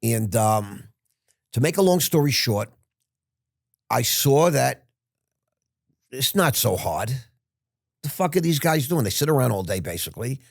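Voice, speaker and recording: A man's voice: medium pitch, very animated, measured pace, gravelly, pauses often, no echo, studio quality. A man in his sixties, a podcast guest, telling a rambling, frank story with restarts and the odd curse word. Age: 60s. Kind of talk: casual interview storytelling.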